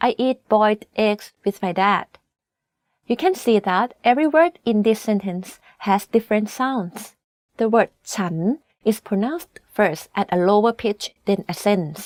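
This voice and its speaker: A native Thai-speaking woman teaching a scripted language lesson, explaining clearly and carefully with example words. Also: medium pitch, lively intonation, moderate pace, a little mellow, no room sound, studio quality.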